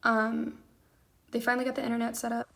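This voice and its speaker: Gravelly-voiced young woman vlogging candidly. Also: a little high, completely flat delivery, fairly quick, a bit bright. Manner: open, rambling, emotional talk with many fillers. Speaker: military spouse vlogger. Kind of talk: candid personal vlog. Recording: lo-fi audio with faint noise.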